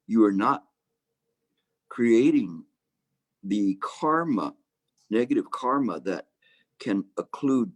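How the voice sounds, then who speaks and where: A man giving a Chan meditation dharma talk, halting with restarts and fillers, with gentle humor. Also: fairly low pitch, slightly rough, dry recording. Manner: hesitant, many restarts and fillers.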